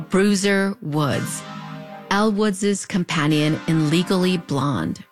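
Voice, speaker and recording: A woman in her thirties with a US-Mexico border accent, telling a scripted story in a wry, conversational way with playful asides. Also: medium pitch. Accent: US-Mexico border (fronterizo). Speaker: host. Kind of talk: scripted narration.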